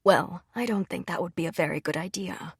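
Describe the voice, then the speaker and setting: A woman doing a calm, soft-spoken noble uncle. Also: lowish voice, fairly quick, husky, no echo, clean studio sound. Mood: calm warning. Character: composed middle-aged nobleman, uncle.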